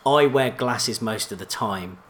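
A man's voice: mid-range voice, a little slow, a bit bright, slight background noise. A man co-hosting a casual podcast chat, rambling through trivia and restarting his sentences. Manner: rambling, trivia-reading, self-interrupting. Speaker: podcast co-host.

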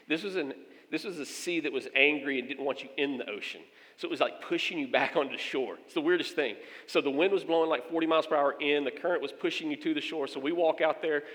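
A pastor with a medium-pitched voice tells a funny story during his sermon, animatedly acting out the voices of its characters. The sound has a long reverb tail.

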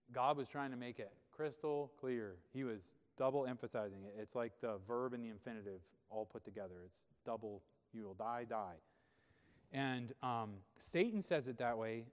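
Pastor preaching in a reverberant hall. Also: male voice, medium pitch. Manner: conversational teaching with frequent rhetorical questions. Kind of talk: sermon.

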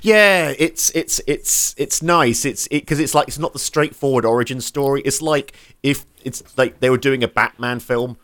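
Chatty male film podcaster. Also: mid-range voice. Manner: animated, laughs often, halting restarts. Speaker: podcast co-host. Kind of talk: casual film podcast chat, reading notes aloud.

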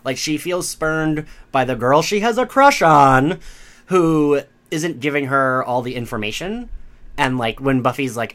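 A man's voice: fairly high pitch, animated, measured pace, a bit bright. A man co-hosting a podcast in casual chat, working through his ideas earnestly with many "like"s and "um"s. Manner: earnest, rambling with "like" and "um". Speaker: podcast co-host.

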